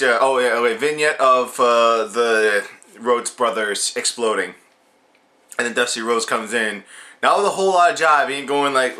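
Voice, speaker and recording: A man's voice: medium pitch, normal speed, sharp tone. A young man rambling through a casual wrestling show review, joking and swearing as he goes.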